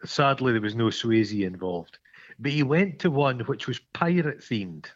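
A man's voice: medium pitch, lively intonation, measured pace. A Scottish man chatting casually on a podcast, rambling wryly with stammered restarts. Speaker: podcast co-host. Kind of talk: casual chat. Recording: dull lo-fi sound.

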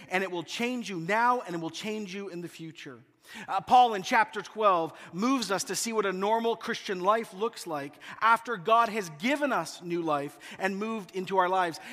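A man in his thirties preaching a sermon, telling a funny family story with lively timing. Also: high-pitched. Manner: humorous, animated storyteller. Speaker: pastor. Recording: long hall reverb.

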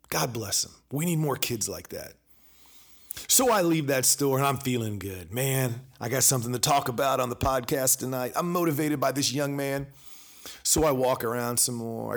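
Man, podcast host, casual storytelling, animated, mid-pitched voice, conversational. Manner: animated, conversational, acts out both sides of exchanges.

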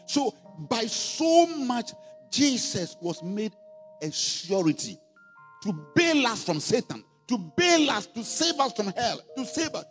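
A male pastor delivers a sermon in a high, lively voice that leaps up and down. He hammers points through repetition and climbs to shouts. His voice rings with a long hall echo over faint music. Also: takes it slowly. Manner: emphatic, repetitive, building to shouts.

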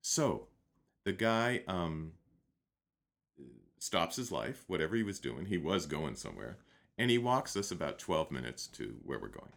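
A man with a very low voice recounts a story in an easy, unhurried way. He speaks conversationally, pausing on fillers and restarting phrases as he goes. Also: gravelly. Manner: relaxed, anecdotal, with um fillers and restarts. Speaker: guest teacher.

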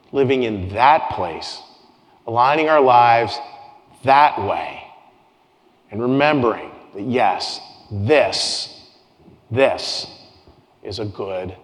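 Earnest male pastor in a reverberant church. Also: medium pitch. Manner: earnest, repeats phrases, stumbles and restarts. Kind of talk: sermon. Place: church sanctuary with congregation. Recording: long hall reverb with soft guitar.

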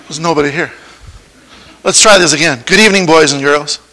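A man's voice: a little high, a little fast, pushed and bright, low-quality recording. A man giving a children's sermon in church, playfully coaxing the kids with questions. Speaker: preacher giving a children's lesson.

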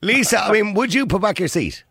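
Irish radio host guy, talks fast, bouncy pitch, dry studio sound. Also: slightly rough, dry recording. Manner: brisk, animated, joking banter. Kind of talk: phone-in radio talk.

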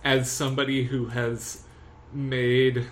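A man's voice: medium pitch, flat delivery, slow pace. A man hosting a casual chat, rambling a little with fillers and restarts. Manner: rambling, with fillers and self-corrections.

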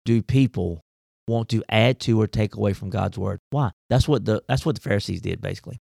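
Pastor guy, gravelly voice, dry close sound, folksy and fired up. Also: fairly low pitch, fairly quick, dry recording. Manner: folksy, animated preaching with rhetorical questions. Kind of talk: casual faith discussion.

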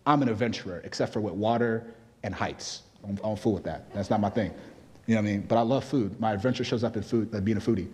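A man's voice: on the low side, fast, darkish tone. A man from Nigeria preaching a sermon as pastor, conversational at times and rising into emphatic exhortation. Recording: long reverb of a large hall.

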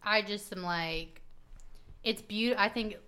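A woman's voice: medium pitch, slow, bright, forceful tone, clean tone. A woman co-hosting a podcast, chatting casually about a dating show and acting out what people said. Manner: chatty, acts out quotes, laughs often. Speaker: podcast co-host.

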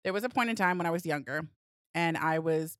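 Sassy young woman, low dry voice. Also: brisk, clean tone, no echo. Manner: animated, sassy, tells stories with restarts. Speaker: podcast co-host. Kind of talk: casual podcast chat.

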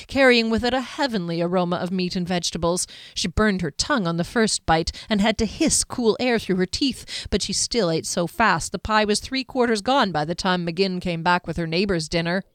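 A woman narrating a fantasy audiobook in a measured, even storytelling manner. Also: medium pitch, clean tone, no echo, clean studio sound.

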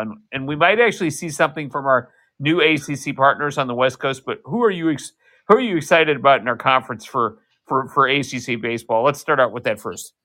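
A man's voice: mid-range voice, bright, forceful tone. A man co-hosting a sports podcast, talking in a rambling, talkative way and laughing at his own jokes. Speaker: podcast co-host. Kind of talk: casual sports chat.

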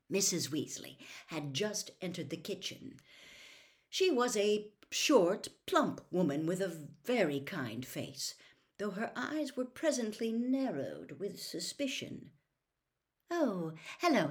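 Lively low-voiced woman reading a story. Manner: dramatic, animated delivery. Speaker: storybook reader. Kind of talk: expressive audiobook narration.

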